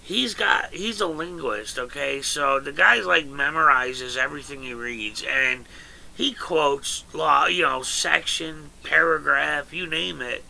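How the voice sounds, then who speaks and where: A man's voice: fairly high pitch, measured pace, gravelly, bright, forceful tone, rough recording. A middle-aged man hosting a livestream, talking casually and emphatically. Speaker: livestream host. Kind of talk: casual chat.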